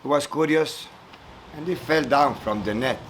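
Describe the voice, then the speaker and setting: A man giving a spiritual talk at a retreat, telling a folk story slowly and haltingly, searching for words and chuckling as he goes. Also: medium pitch, fairly bright tone, a little hiss or hum, low-quality recording. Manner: halting, searching for words, many fillers and repeats. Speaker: spiritual teacher speaking at a retreat.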